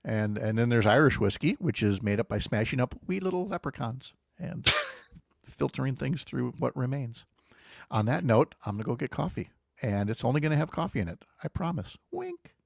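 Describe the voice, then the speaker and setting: A man's voice: mid-range voice, lively intonation, a little fast, vocal fry, dry recording, clean studio sound. A middle-aged man hosting a morning radio show in a casual, joking way, with wry asides. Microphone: studio microphone.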